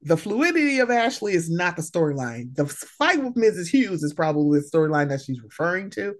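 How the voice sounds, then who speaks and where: Woman host from West Philly, casual and blunt, swings way up in pitch for quotes. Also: a little fast. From West Philadelphia. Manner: animated, swoops high when quoting herself; frank, swears freely. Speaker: podcast host. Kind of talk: casual chat.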